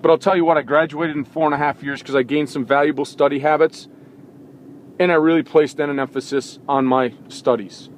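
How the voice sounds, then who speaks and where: A man's voice: a little high, fairly even intonation, brisk, a little hiss or hum. A man hosting a sports talk show, giving an impassioned opinion monologue full of indignant rhetorical questions, recorded in a vehicle.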